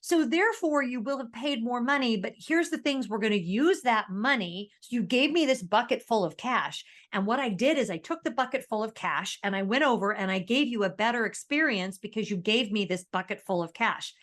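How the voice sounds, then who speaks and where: A woman co-hosting a podcast, talking in a casual, animated way as she rants and often laughs. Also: fairly high pitch, brisk, hardly any pauses. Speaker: podcast co-host.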